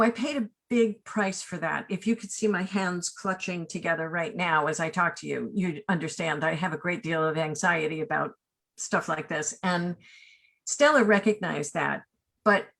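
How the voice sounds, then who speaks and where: A woman in her sixties, a casting director being interviewed, who tells personal stories in an animated, rambling way full of asides and tag questions. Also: fairly low pitch, normal speed, creaky. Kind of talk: remote interview, personal storytelling.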